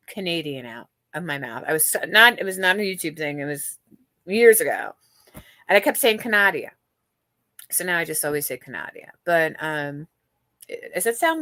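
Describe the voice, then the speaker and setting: A woman's voice: medium pitch, a bit bright, no room sound. A woman hosting a livestream, chatting casually and gossiping with viewers, swearing freely and often restarting her sentences. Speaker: livestream host. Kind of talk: casual chat with live viewers.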